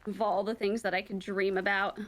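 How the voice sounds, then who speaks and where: A woman's voice: medium pitch, little pitch movement, brisk, a bit bright. A woman streaming a game with a friend in playful casual chat, swearing freely and joking. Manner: playful, swears casually, acts out quotes in a whisper.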